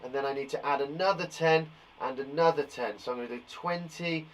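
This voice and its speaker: Brit guy teaching little kids their times tables, kinda high voice, super encouraging, counts out loud. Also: brisk, slight background noise. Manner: encouraging, reassuring, thinks aloud while counting. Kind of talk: live maths lesson for young children.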